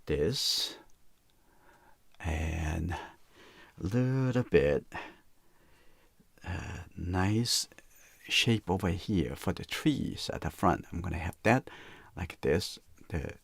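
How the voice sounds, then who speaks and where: In a relaxed live demonstration, a man teaches watercolor, softly talking through each step and often saying "okay, that's good." His voice is low and gravelly, and the recording is dry.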